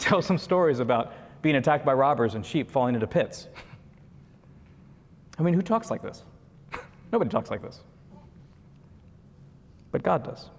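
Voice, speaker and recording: A man giving a conversational sermon, with frequent asides and chuckles. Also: mid-range voice. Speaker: preacher. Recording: long reverb of a large hall.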